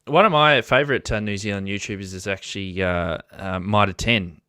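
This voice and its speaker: Australian man hosting, smooth lowish voice. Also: moderate pace, sharp tone, no echo, clean studio sound. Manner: laughs often, joking banter, reads out chat comments. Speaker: host of a ham radio channel. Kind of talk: casual live-stream chat.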